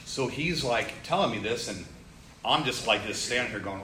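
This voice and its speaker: A man casually telling a story, acting out the people he quotes, with growing excitement. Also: fairly low pitch, normal speed. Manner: animated, acts out quoted people, rising excitement. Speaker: storyteller sharing a testimony. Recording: roomy echo, faint ambient noise.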